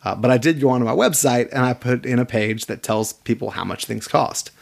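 Gravelly-voiced man telling a story. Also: medium pitch, fairly quick. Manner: animated storyteller, repeats words when starting sentences. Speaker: attorney, podcast guest. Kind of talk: casual podcast conversation.

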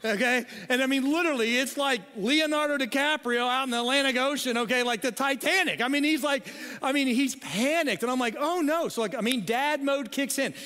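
A man's voice: very high-pitched, brisk, pushed and bright, clean tone. A middle-aged man, a pastor, telling a funny family story in a sermon, with frequent "okay?" asides. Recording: long hall reverb.

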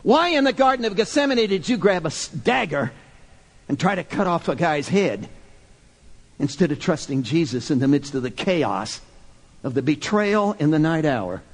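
A man delivering a sermon in a high voice that ranges widely. He presses question after question with emphatic force, then pulls back into soft, hushed moments. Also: big pitch swings, moderate pace. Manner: emphatic, rhetorical questioning, dramatic swings from loud to soft. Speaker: preacher.

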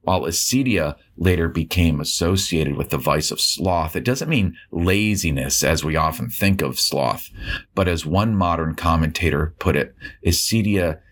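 Very deep-voiced man giving a measured reflection. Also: fairly bright tone. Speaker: educator sharing a reflection. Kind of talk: prepared spoken reflection.

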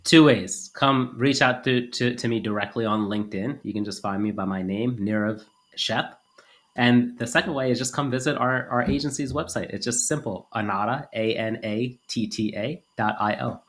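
A man's voice: mid-range voice, normal speed, a bit bright. A man answering as a guest on a casual podcast, talking conversationally and filling his sentences with "like" and "you know". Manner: conversational, heavy on fillers. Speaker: podcast guest, agency founder. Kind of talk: casual interview.

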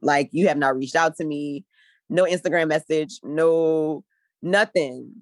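A woman's voice: low voice, measured pace, no room sound. A young adult woman speaking frankly and loosely in a casual chat as co-host. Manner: frank, laid-back, lots of "like" fillers. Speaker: podcast co-host.

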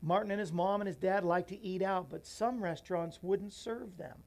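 Man, talk show host, reading a children's book aloud, earnest, folksy asides, emotional, softening voice. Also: high-pitched, normal speed. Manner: emotional, voice drops soft and near tears.

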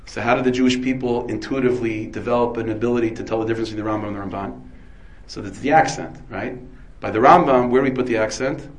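A man's voice: mid-range voice, fairly even intonation, fast talker, few pauses, low-quality recording. Man giving a rambling Torah lecture. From United States. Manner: digressive, asks and answers his own questions; dense with Hebrew and Yiddish terms. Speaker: rabbi.

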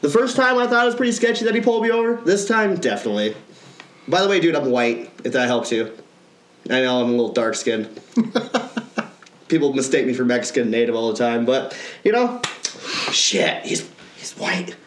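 A man's voice: medium pitch, lively intonation, fairly quick, echoey room. A man hosting a casual podcast, telling a story in a profane, ranting way. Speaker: podcast co-host.

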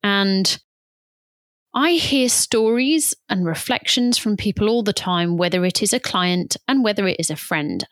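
A woman's voice: lowish voice, a bit bright, no echo, clean studio sound. A British woman in her thirties hosting a podcast, talking in a candid, casual way and occasionally swearing. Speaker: podcast host and birth recovery coach.

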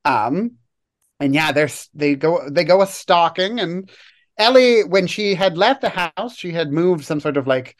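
A podcast co-host giving casual, wry analysis of a TV episode, sometimes slowing down to weigh each word. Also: medium pitch, expressive.

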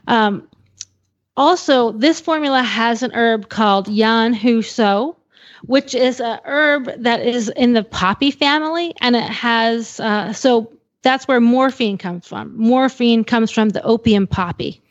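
A woman with a fairly high voice co-hosts an equestrian talk show, laying out herbal remedies and tossing in quick asides. Her audio comes through a little dull, as if over a remote line. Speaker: co-host, holistic veterinarian. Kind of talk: casual radio chat.

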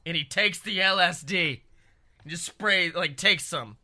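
A man co-hosting a comedy podcast, pitching an absurd story in an excitable, rambling way with heavy swearing. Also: measured pace. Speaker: podcast co-host.

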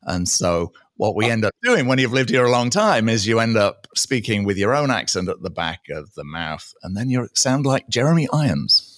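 A man in his fifties with a British accent picked up American phrasing, telling stories in a casual interview with animated asides. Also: fairly low pitch, no echo, studio quality. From British Isles. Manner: animated, quick asides and acted-out quotes. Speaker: guest.

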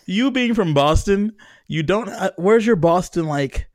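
A man's voice: sits high, expressive, unhurried, a little mellow, dry recording. An easygoing man from California chats casually, curious and loose, with frequent fillers. The recording is close and dry, with no room sound around him. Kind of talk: casual chat.

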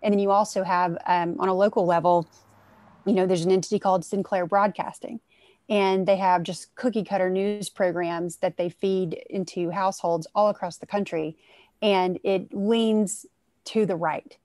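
A woman, a panel guest, explains her views in a measured way with frequent fillers during an online discussion. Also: medium pitch, fairly even intonation, a little mellow, no room sound. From United States.

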